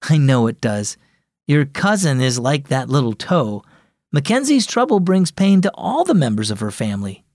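A gentle, thoughtful mother, read by a man, soothing and calm, her voice rising and falling a lot. The read is dry and close, with faint music behind it. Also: medium pitch, moderate pace, no echo.

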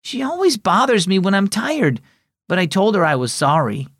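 A cross little girl in a kids' storybook , as a man puts her on, pouting and whiny. Her voice climbs well above a grown man's and swings up and down with every complaint. The sound is close and dry, with soft music underneath. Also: high-pitched, very animated, moderate pace, dry recording, pitched above the performer's own voice, heavily acted.

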